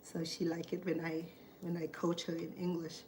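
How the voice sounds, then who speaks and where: A woman's voice: fairly low pitch, completely flat delivery, moderate pace, darkish tone, slight background noise. A woman with a Cambodian accent, a native Khmer speaker, hosting a cooking show and chatting in a rambling, storytelling way in her home kitchen. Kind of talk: casual chat while cooking.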